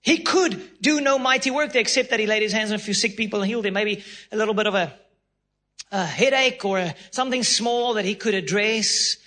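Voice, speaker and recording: Bright high-voiced South African preacher. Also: male voice, brisk. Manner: emphatic preacher, acts out voices and laughs. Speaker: pastor. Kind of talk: sermon.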